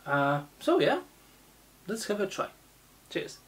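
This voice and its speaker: A woman hosting a casual beer tasting review, talking in a slow, halting way with many fillers. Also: medium pitch, big pitch swings.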